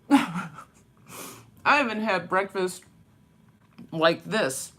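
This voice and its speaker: A woman chatting her way through breakfast at home, rambling and laughing as she talks. She speaks in an unhurried, drawn-out way. Her voice has a bright, forceful edge. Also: lowish voice, animated. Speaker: vlogger and dance teacher. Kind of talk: casual vlog chat over breakfast.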